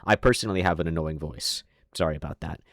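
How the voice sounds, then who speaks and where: A man's voice: extremely low pitch, fast, fairly bright tone, no room sound. A man with an American accent and a slight Southern twang, delivering a sardonic, opinionated commentary monologue with dry asides. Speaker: online commentator.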